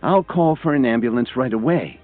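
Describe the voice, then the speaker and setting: A man's voice: medium pitch, expressive, a little fast, voice pushed up, lightly acted. A man doing a stammering, fawning bully. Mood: nervous. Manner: stammering, obsequious. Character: arrogant man, fawning to superiors. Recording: tinny phone-like sound, faint music.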